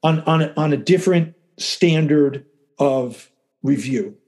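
A calm, even-keeled middle-aged man, a lawyer and writer, speaking as an interview guest with halting restarts. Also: on the high side. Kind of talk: casual interview talk.

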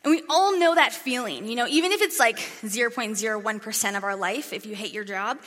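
A woman's voice: fairly high pitch, brisk, a bit bright. A young woman giving a casual, chatty sermon, acting out crowd voices as she tells the story. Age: young adult. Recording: echoey hall reverb.

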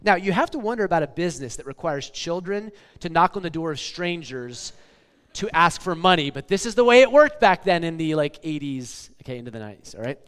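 A man's voice: fairly high pitch, very animated, a little fast, fairly bright tone, clean tone. A man in his forties preaching a casual, conversational sermon, often checking in with "okay?" and "like.". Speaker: pastor. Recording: long hall reverb.

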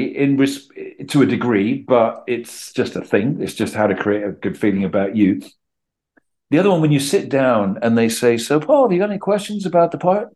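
A middle-aged Englishman talking casually as a podcast guest, telling animated stories and acting out quotes. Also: mid-range voice. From England. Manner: chatty, animated storytelling with acted-out quotes. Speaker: guest actor.

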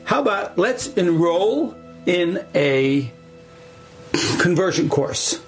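A man's voice: high-pitched, big pitch swings, slow pace, faint music behind, pitched above the performer's own voice, heavily acted. A man quoting an earnest young doctor. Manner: blunt, repeats himself. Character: earnest young male doctor, set on his plan.

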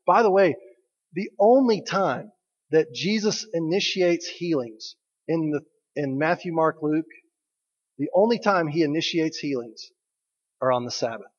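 Joking pastor preaching in a hall. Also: male voice, on the high side, expressive, measured pace, pauses often. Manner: conversational and joking, asks the congregation questions. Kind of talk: sermon. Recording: dull audio with long hall reverb.

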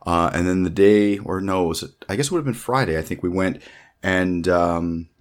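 A man with a very low voice talks in a loose, rambling way. He circles back, restarts his sentences and fills gaps with um and uh. It sounds like an easygoing chat between co-hosts. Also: moderate pace. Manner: rambling, full of fillers and restarts. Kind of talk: casual chat.

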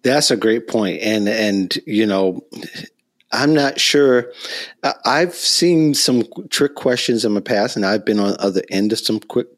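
A man speaking as a guest career expert in a casual panel discussion, halting with restarts and easy laughs. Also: on the low side, lively intonation.

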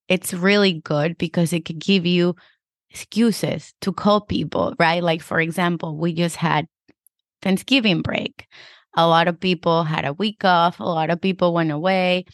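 Woman host, real estate agent, low-pitched and chatty, dry booth sound. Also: fairly even intonation, a little slow, dry recording. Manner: chatty, lots of "like" and "you know". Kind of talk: casual advice chat.

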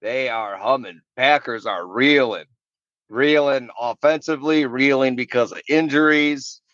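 A man's voice: mid-range voice, measured pace, no room sound. A man co-hosting a sports betting podcast, talking loosely and with plenty of animation. His voice sits mid-range, and the recording is dry and slightly dull. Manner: animated, laughing, swearing, voices others. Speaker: podcast co-host. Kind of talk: casual sports betting chat.

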